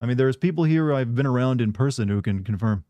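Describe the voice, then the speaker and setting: Mellow-voiced sardonic male streamer. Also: mid-range voice, animated, fast, dry recording. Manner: rambling, sardonic, many "like" fillers. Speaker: game streamer. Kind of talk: casual chat with stream viewers.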